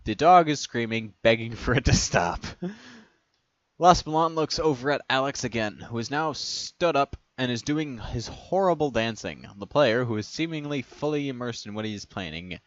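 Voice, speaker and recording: A man's voice: mid-range voice, lively intonation, normal speed, no room sound. A man reading fan stories aloud and making sarcastic comments on them. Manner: sarcastic, laughs at his own remarks. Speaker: reader and commenter. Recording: dull dry lo-fi recording.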